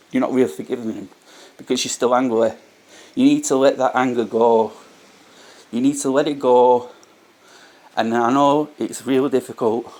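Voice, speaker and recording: A man with a voice of ordinary pitch speaks earnestly and unscripted about faith. He circles back to his main points and often restarts his sentences as he talks. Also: darkish tone. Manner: earnest, repeats key points, frequent restarts. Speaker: vlogger sharing faith reflections. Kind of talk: casual spoken reflection to camera.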